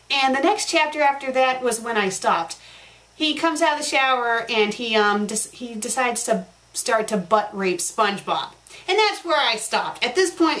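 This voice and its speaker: Woman host, casual review vlog, blunt and fed-up delivery, voice slightly high. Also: fairly bright tone. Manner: blunt, exasperated ranting with fillers. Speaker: fanfiction reviewer, show host.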